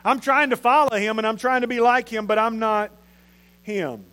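High-voiced man preaching. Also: moderate pace, pushed and bright. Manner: conversational, repeats phrases for emphasis. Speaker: pastor. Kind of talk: sermon.

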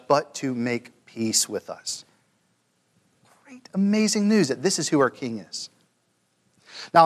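A man's voice: a little high, fairly bright tone, in a large hall. A man preaching a sermon to a room of men, earnest and building to emphatic peaks, stumbling over repeated words.

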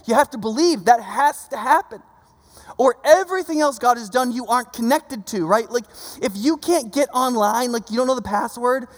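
A man preaching a sermon in a conversational, animated way, often checking in with the audience with "right?" and acting out quoted voices. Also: extremely high pitch. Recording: long reverb.

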